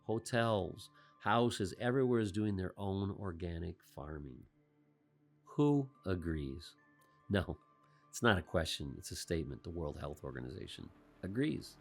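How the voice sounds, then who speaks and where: Low-voiced man hosting a commentary. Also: lively intonation, a little slow, soft background music. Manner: rhetorical questions with wry asides. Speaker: host. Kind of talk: commentary monologue.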